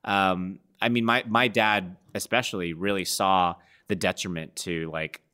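A man's voice: low voice, steady tone, a little slow, bright, forceful tone. A man chatting casually on a podcast, joking and laughing often as he tells stories. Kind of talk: casual chat.

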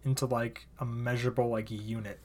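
A man's voice: medium pitch, level tone, a little fast, a little mellow. Rambling young man in casual chat. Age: young adult. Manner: rambling, many "like" fillers, laughs often. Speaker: podcast co-host.

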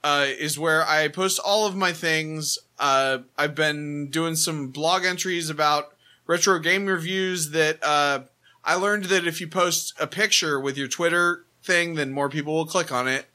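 A man's voice: fairly high pitch, steady tone, a little slow, bright, forceful tone. A man co-hosting a podcast, rambling with self-deprecating asides while plugging his projects. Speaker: podcast co-host. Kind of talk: casual podcast chat.

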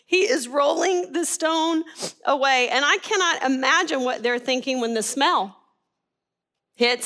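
A woman giving animated Bible teaching, laughing at herself as her voice rises with excitement. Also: sits high.

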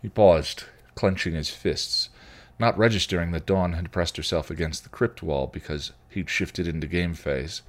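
Podcast host, male, very deep voice, expressive read-aloud narration. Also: moderate pace. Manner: expressive storytelling. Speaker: podcast host reading a story. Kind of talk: reading fan fiction aloud.

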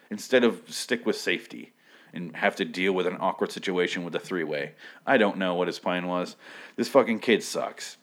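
A young man with a notably deep, low-pitched voice talks through a TV episode in a loose, rambling way. He is blunt and profane, cracks jokes at the characters, and fills his talk with casual fillers. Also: normal speed. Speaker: TV show recap vlogger.

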